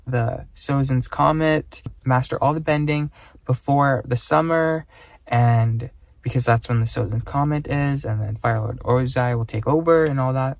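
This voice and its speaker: A young man from Canada, a student talking casually to the camera in a rambling, self-deprecating way that turns easily excited. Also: medium pitch, creaky. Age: young adult. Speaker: student vlogger. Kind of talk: casual vlog talk to camera.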